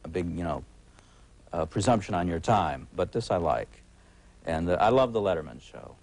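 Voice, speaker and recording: Very deep-voiced wry man in his forties. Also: lively intonation, darkish tone, rough recording. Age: 40s. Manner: halting, wry, full of uh's and restarts. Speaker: TV critic guest. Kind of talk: casual talk-show conversation. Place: TV talk show studio.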